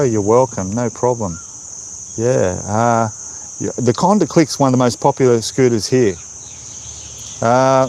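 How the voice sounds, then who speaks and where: A man's voice: mid-range voice, background noise. Australian male streamer, casual chatty host, outdoors on a phone, faint insects and outside ambience behind. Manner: chatty, reading out viewer comments. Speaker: livestream host. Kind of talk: casual live-stream chat. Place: outdoors by a roadside in the countryside. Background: birds and insects outdoors.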